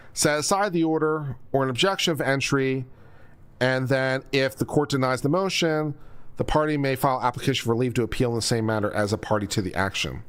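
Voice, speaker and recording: A man hosting a legal commentary stream, explaining rules to viewers over and over in a patient but mildly exasperated teaching manner. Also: mid-range voice.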